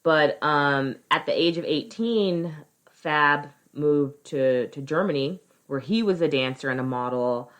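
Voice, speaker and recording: A woman's voice: low voice, measured pace. A woman co-hosting a podcast, telling a story in casual chat, swearing freely and acting out quoted voices.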